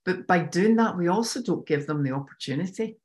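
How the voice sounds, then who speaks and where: A woman coach, a guest on a podcast, talking candidly and reflectively in casual interview chat, often dropping soft. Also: fairly low pitch, lively intonation, a little fast.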